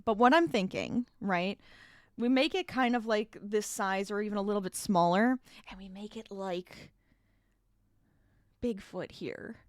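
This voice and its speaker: A woman's voice: medium pitch, measured pace, no room sound. Chatty woman crocheting live, dry sound. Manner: chatty, laughs often, trails off and restarts. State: a bit out of breath. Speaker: crochet livestreamer. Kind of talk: casual livestream chat while crocheting.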